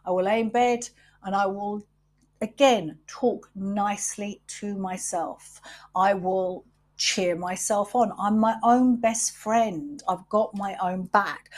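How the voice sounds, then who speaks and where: A middle-aged woman with a mid-range voice hosts a podcast, speaking candidly about her wellbeing routines. She's unhurried and reflective, and she swears freely.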